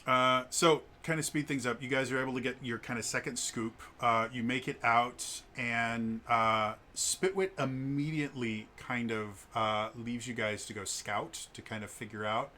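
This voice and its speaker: A man's voice: mid-range voice, steady tone, normal speed, hardly any pauses, pushed and bright, a little hiss or hum. A man running a tabletop game as game master, talking casually with lots of filler words and playful asides.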